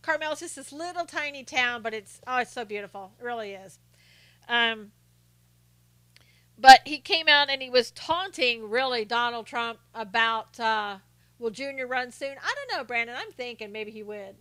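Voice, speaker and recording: Bright, high-voiced woman chatting live. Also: normal speed, dry recording. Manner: chatty, greets and answers viewers by name; animated storyteller with frequent laughs. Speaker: live-stream host. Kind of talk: casual live-stream chat.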